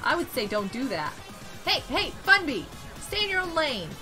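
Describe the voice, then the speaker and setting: A woman streaming a game, chatting casually and excitably, greeting and thanking her viewers. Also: high voice, normal speed, music in the background. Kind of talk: casual live-stream chat while gaming.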